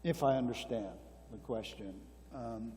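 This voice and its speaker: In a church hall with long reverb, an older man answers questions as a speaker at a marriage conference. His mid-range voice is unhurried and dark in tone, with slight background noise present. He comes across as earnest and exhortative, repeating key phrases.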